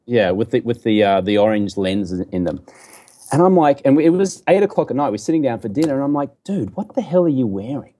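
A man's voice: mid-range voice, fast. An Australian man in a casual interview, joking and acting out little quoted lines as he talks. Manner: jokey and animated, acts out quoted lines. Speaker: podcast guest, entrepreneur.

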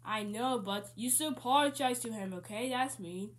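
A woman's voice: a little high, normal speed, a little hiss or hum, natural voice. A woman voicing Tails, a protective young male fox who scolds a friend, in a homemade fan dub. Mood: firm.

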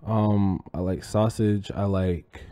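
A man's voice: on the low side, flat delivery, takes it slowly, mellow. A man co-hosting a casual podcast, rambling and goofy, swearing now and then. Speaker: podcast co-host. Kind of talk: casual chat.

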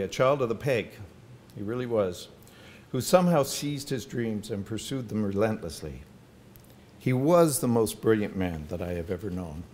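Older male speaker with a lowish voice, chatty anecdotal delivery at a podium mic over a faint background rumble. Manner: warm anecdotal storytelling with asides. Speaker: featured speaker at a symposium. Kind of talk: personal talk to an audience. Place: university hall with audience. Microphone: podium microphone.

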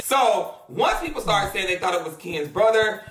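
A woman hosting a gossip commentary show, telling the story in a blunt, profane, animated way. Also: medium pitch, moderate pace, reverberant, soft background music. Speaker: host.

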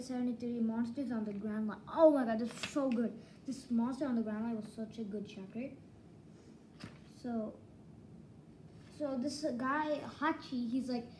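A woman casually reviewing manga volumes, rambling and excitable, leaning on "like" as filler. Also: on the high side, slight background noise, rough recording. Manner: rambling, excitable, heavy use of "like".

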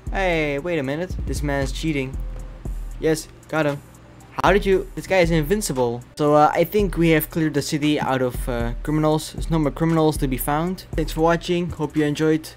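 A young man with a slightly high voice gives loose, excitable gameplay commentary. He jokes and laughs his way through trolling other players, with faint music playing underneath. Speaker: gaming YouTuber. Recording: voice over faint background music.

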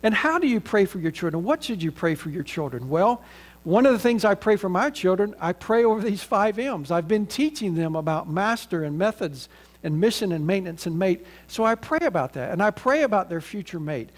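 High-voiced Southern pastor preaching. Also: male voice, expressive. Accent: Southern American. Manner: earnest, measured preaching with a closing prayer. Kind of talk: sermon.

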